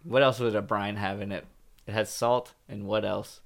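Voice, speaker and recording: A man's voice: on the low side, steady tone, moderate pace, gravelly. A young man co-hosting a podcast, chatting casually and joking as he reads search results aloud. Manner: jokey, reads web results aloud in a mock posh voice. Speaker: podcast co-host. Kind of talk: casual chat.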